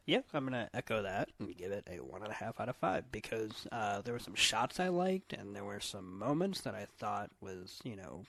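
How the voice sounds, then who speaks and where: A man co-hosting a film podcast, analytical and thoughtful, pausing often with filler words. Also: lowish voice, lively intonation, creaky, a bit bright, no echo. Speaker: podcast co-host. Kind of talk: casual film review chat.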